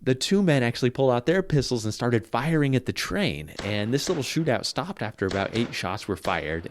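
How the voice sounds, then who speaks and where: A man's voice: fairly low pitch, a little hiss or hum. A man hosting a podcast, casually telling a historical crime story and reading old newspaper quotes with relish. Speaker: podcast host.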